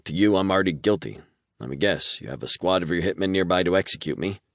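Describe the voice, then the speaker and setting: A man's voice: low voice, fast, no room sound, clean studio sound, lightly acted. A male audiobook narrator voicing an arrogant male scientist who speaks with haughty condescension. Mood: condescending.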